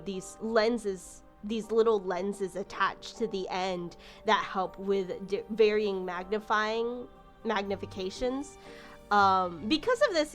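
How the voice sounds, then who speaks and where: A woman narrating a tabletop game as game master, casual and rambling. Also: mid-range voice. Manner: casual, many fillers and restarts.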